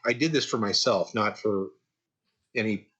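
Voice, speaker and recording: A breathy, lowish-voiced man in his sixties speaks at a moderate pace, and the recording has its top end cut off. As a guest animation artist on a podcast, he relaxes into career anecdotes, peppered with "uh" and repeated phrases.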